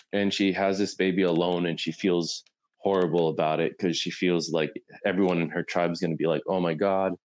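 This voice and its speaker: A man's voice: low-pitched, poor audio. A man in casual conversation, retelling a story in a rambling way with lots of "like" and "you know". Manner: rambling retelling, full of "like" and "right?".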